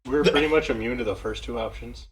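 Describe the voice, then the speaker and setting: A man's voice: medium pitch, quick pace, a little hiss or hum. A man playing a tabletop game, tossing out dry quips. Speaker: player. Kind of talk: casual tabletop play.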